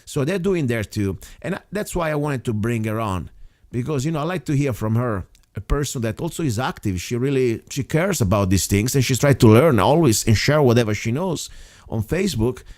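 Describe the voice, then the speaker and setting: A man's voice: mid-range voice, expressive, a little fast, darkish tone, dry recording. Male radio host, dry sound. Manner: emphatic, rambling, non-native phrasing. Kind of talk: casual radio talk.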